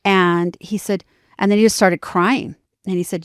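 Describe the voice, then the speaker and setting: A woman guest on a podcast, telling a story in an animated way and acting out the dialogue. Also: mid-range voice, normal speed, clear, resonant tone, no echo, clean studio sound. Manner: animated, acts out dialogue with lively shifts.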